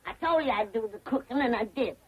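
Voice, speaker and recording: Granny, a cranky old hillbilly. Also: female voice, on the high side, lively intonation, quick pace, breathy edge. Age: older. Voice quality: sharp, scolding twang. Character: feisty old hillbilly grandma, stubborn and cranky. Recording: muffled old TV sound with laugh track.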